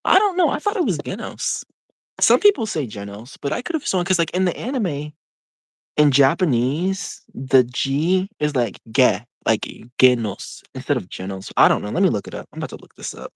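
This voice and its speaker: Young adult streamer, casual live chat, animated and rambling, dry room. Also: mid-range voice, no room sound. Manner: rambling, full of "like" and quick laughs.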